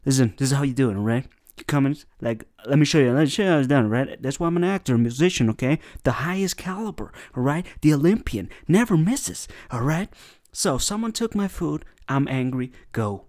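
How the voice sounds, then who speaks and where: A young man giving a loud, profane, mocking reaction commentary over a dating video. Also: medium pitch, lively intonation, a little fast, dry recording, clean studio sound. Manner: loud, profane, heckling, swings into shouting.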